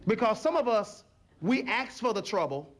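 A male preacher with a high voice that swings widely in pitch as he preaches. He uses folksy phrasing and keeps calling out to the congregation for answers. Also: normal speed. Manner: animated call-and-response preaching, folksy phrasing. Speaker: pastor. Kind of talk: sermon.

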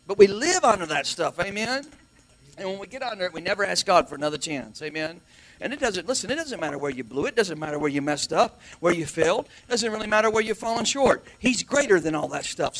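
A man preaching a sermon, often calling out "amen?" and repeating lines as he swings from quiet musing to loud, rising exclamations. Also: high voice, lively intonation, brisk. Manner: preaching with frequent calls of "amen?" and repeated phrases. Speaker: pastor.

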